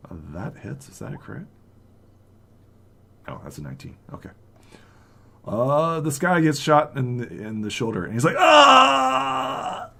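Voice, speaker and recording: A man running a tabletop game as game master, animated and laughing, acting out the characters' lines. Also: mid-range voice, moderate pace, vocal fry, long pauses, slightly rough.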